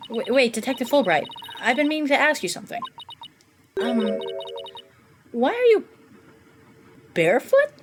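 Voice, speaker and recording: A woman's voice: sits high, huge pitch swings, moderate pace, long pauses, noisy background. A woman voicing an earnest young male defense lawyer, polite and a bit hesitant. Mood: puzzled.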